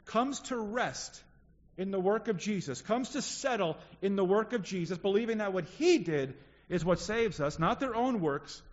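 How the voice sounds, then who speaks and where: A man preaching a sermon to his congregation in an earnest, teaching way, often repeating his key phrases for emphasis. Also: high-pitched. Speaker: pastor. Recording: dull recording in a reverberant hall.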